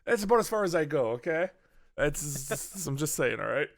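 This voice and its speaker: A man's voice: on the high side, lively intonation, normal speed, creaky. A man hosting a casual movie podcast, loose and joking with swearing and laughing asides. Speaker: podcast host.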